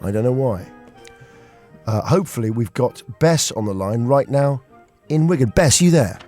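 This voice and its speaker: A man's voice: mid-range voice, moderate pace, soft background music. A man hosting a jokey radio show from a studio, telling stories with lots of energy. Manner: animated, joking storyteller. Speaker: radio host. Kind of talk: jokey breakfast radio chat. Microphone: studio microphone.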